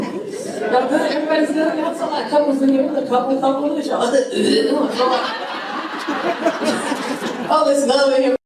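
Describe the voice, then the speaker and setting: A woman doing loose, chatty stand-up crowd work on stage. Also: sits high. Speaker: stand-up comedian. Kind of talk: stand-up comedy set. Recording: distant echoey mic, loud crowd.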